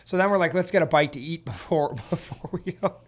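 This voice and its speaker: A man in his thirties co-hosting a podcast, telling a family story in a casual, animated way, often laughing and acting out what people said. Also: a little high, a little fast. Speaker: podcast co-host.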